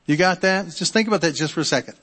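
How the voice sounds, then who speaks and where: A long reverb rolls through the church sanctuary as a middle-aged male pastor preaches, his slightly high, fairly bright voice racing along. His delivery stays conversational, full of repeated words and restarts, and he regularly asks the congregation to respond.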